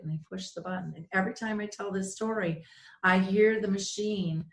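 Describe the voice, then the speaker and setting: A woman's voice: medium pitch, fairly quick, roomy sound. A middle-aged woman hosting a radio show, telling a heartfelt personal story and acting out the voices of the people in it. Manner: earnest, emotional storyteller with lively quoted voices.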